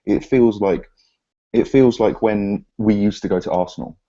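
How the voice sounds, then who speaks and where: Mancunian man, low husky voice, matter-of-fact football talk, lo-fi sound. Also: normal speed, warm tone. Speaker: fan pundit. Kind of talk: casual football chat.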